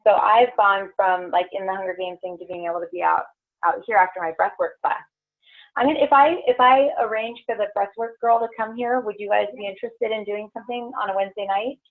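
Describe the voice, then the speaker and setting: Over a tinny, lo-fi, phone-like recording, a woman with a steady, medium-pitched voice speaks fairly quickly. She leads a meditation group, first chatting casually and rambling with lots of fillers, then guiding everyone through a grounding meditation.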